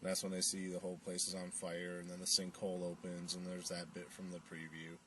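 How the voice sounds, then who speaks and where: Speaking in a very low, monotone voice with a fairly bright tone, a man recaps a movie casually and a little fast. He rambles, fills his talk with fillers, and acts out the characters' lines while sitting a bit back from a distant mic over a faint hiss.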